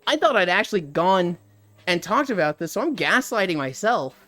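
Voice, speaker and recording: A man's voice: sits high, big pitch swings, normal speed, pushed and bright, no echo. A man in his thirties, a streamer telling a story in casual talk, swearing freely and acting out the people he quotes.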